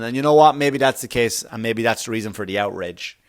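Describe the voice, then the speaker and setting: A man's voice: mid-range voice, fast, hardly any pauses. Rambling, profane male comedian telling a story. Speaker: comedian podcast host.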